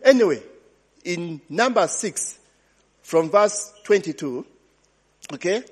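A man's voice: high-pitched, expressive, takes it slowly, slightly rough. A man preaching a sermon as pastor, throwing questions to the congregation and answering with hallelujah and glory be to God. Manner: call-and-response, repeating hallelujah and glory be to God. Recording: long hall reverb.

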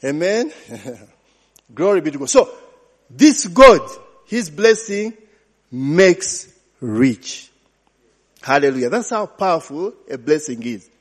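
A man preaching a sermon as pastor, throwing questions to the congregation and answering with hallelujah and glory be to God. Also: a little high. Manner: call-and-response, repeating hallelujah and glory be to God. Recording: long hall reverb.

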